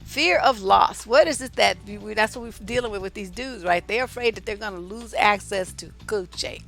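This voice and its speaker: A woman's voice: medium pitch, brisk, gravelly, soft background music. An older woman working as a relationship coach, giving a blunt, profane motivational talk to women viewers and hammering home her points by repeating them. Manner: blunt, profane and emphatic, repeating key phrases.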